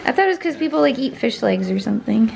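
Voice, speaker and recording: A woman's voice: on the high side, expressive, quick pace, vocal fry, crowd noise. A woman chatting casually in a home vlog, rambling about her garden and cooing at her dog. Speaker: vlogger.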